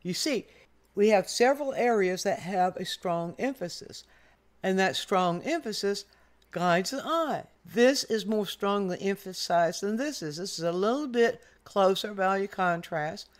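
A woman's voice: medium pitch, expressive, measured pace. An older woman art teacher giving a patient, explanatory painting lesson, speaking directly to the viewer.

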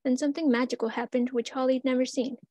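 A woman reading her own rhymed story aloud at a student symposium in measured verse. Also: sits high, flat delivery, dark tone, no echo. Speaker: student reader.

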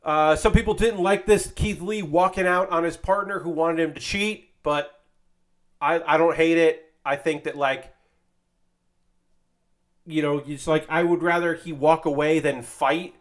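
Male streamer, loose casual chat, rambling and profane, somewhat high voice, eager and heartfelt. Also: steady tone, unhurried. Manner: rambling, profane, enthusiastic about wrestling; frequent fillers and restarts, acts out quotes animatedly.

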